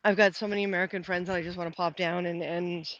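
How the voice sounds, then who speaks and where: A woman's voice: fairly low pitch, flat delivery, fast talker, no echo, muffled recording. A middle-aged woman, chatting casually on a live stream while walking outdoors. She rambles, restarts often and answers viewer comments aloud. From Canada. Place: outdoors, walking to the post office.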